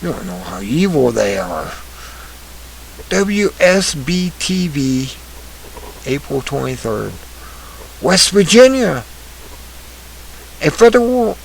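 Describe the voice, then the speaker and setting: A man giving ranting online news commentary. He reads headlines and then rants angrily, swinging from low mutters to shouts. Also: vocal fry, poor audio.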